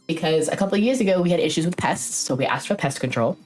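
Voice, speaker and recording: Low-voiced young woman rambling through a story. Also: quick pace, faint music behind. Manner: rambling, frequent swearing, lively retelling. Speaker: streamer. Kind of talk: casual storytelling chat.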